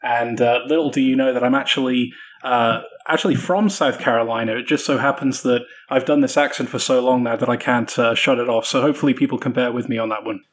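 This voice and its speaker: A British-accented man speaking as an author and podcast guest, with a voice of middling pitch. He talks in a measured way, with dry humor and frequent hesitant fillers. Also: fairly even intonation. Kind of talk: casual podcast interview.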